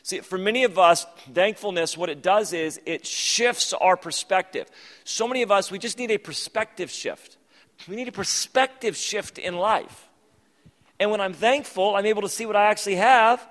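A pastor preaching a conversational, emphatic sermon that repeats its key phrases. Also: male voice, a little high, a bit bright. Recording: long reverb of a large hall.

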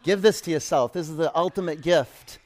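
A male yoga instructor leads a live class with energetic counting and motivating cues. His voice sits a little high for a man, and he slips into casual, rambling storytelling between sets. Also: normal speed.

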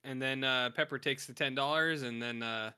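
A man with a bright, tense voice retells a film's plot for a podcast, chatting casually and now and then putting on quick voices for its characters. The sound is dry and close, with no room around it. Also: mid-range voice, clear, resonant tone, dry recording. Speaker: podcast co-host. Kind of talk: casual film recap chat.

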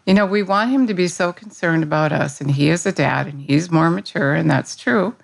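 A woman with a low, gravelly voice gives a casual spoken devotional. She talks in an earnest, conversational way and often restarts her phrases as she thinks aloud. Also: fairly quick, few pauses. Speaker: devotional speaker.

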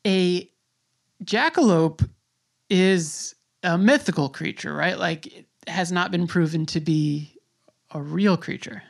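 This podcast host from New York City speaks slowly in a high voice with vocal fry. His casual interview talk wanders, and he laughs easily.

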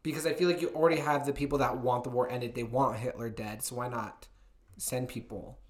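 A woman hosting a casual podcast chat, blunt and quick to laugh and swear. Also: extremely low pitch, steady tone. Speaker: podcast host.

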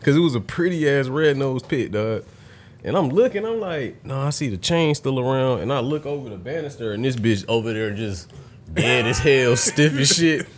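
A young man in casual podcast chat, telling stories full of swearing and breaking into loud laughter. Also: mid-range voice, lively intonation, normal speed. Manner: profane storytelling, bursts into loud laughter.

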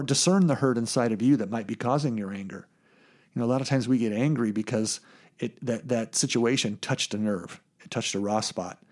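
A man's voice: on the low side, darkish tone. A man preaching a sermon as pastor, earnest and plainspoken, often repeating words as he thinks.

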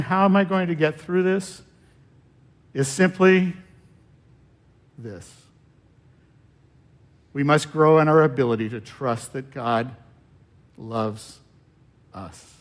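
A male pastor delivering a sermon with a slightly higher voice. He speaks slowly and deliberately, pausing often and letting his phrase endings fall away quietly. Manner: slow, measured preaching with long pauses and trailing-off endings.

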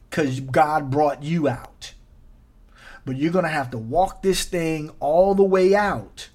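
A man hosting a faith podcast, preaching earnestly and emotionally. He repeats his phrases, his voice dropping soft and close to tears. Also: fairly high pitch. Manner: earnest, repetitive, emotional, softens to near-whisper. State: near tears. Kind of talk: heartfelt podcast sermon.

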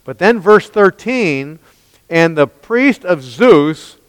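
A man preaches with emphasis, often turning statements into rhetorical questions for the congregation. His voice sits a little high and sounds smooth and resonant. A long reverb from a large hall trails behind him. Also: very animated, takes it slowly. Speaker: pastor. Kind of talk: expository sermon.

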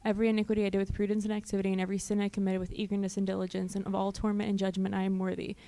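A woman recites penitential prayers quickly, barely rising or falling in pitch. Her voice is mellow and dark in tone. She keeps a steady, even delivery. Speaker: prayer reader. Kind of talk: liturgical prayer reading.

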